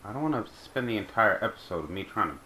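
A man's voice: on the low side, lively intonation, fast talker, noisy background. A man hosting a let's play, chatting casually over gameplay and talking back to the game and its creatures.

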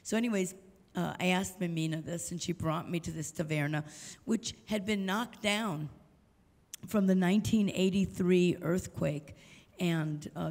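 A woman's voice: lowish voice, creaky, a little mellow. An older woman giving a storytelling lecture, animatedly acting out the voices of the people she quotes. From United States. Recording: long hall reverb.

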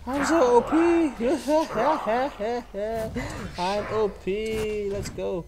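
High-pitched guy yelling through his gameplay commentary, super excitable, cussing a lot, bit of faint noise behind. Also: unhurried. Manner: excitable, loud whoops, frequent swearing and exclamations. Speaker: channel host playing a mobile game.

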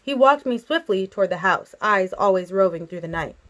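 A woman reading a novel aloud as a casual, expressive amateur audiobook narrator. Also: mid-range voice, brisk. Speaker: audiobook reader.

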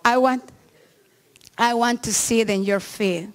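A middle-aged woman pastor who isn't a native English speaker preaches a sermon earnestly, her English halting and full of restarts. Her voice is a little high.

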